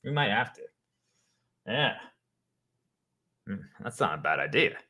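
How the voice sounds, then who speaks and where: A man's voice: fairly low pitch, sing-song, a little slow, pushed and bright. Guy doing a listener roleplay monologue, rambly and jokey like he's a bit tipsy, really bouncy up and down voice. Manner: rambling, joking, playing tipsy. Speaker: role-play narrator speaking to the listener. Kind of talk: listener role-play monologue.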